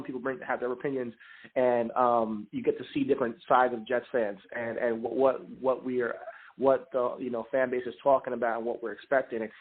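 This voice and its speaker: A man's voice: mid-range voice, breathy edge. A man calling in to a sports show, talking casually with many restarts. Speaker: caller, fan club guest. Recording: tinny phone-line sound.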